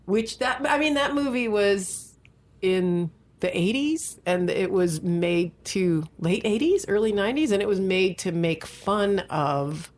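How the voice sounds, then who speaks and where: A woman in her forties from the Midwest hosting a casual comedic podcast from her home office, rambling and self-deprecating in a deadpan way. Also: medium pitch, unhurried. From American Midwest. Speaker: podcast host. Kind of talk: casual solo comedic monologue.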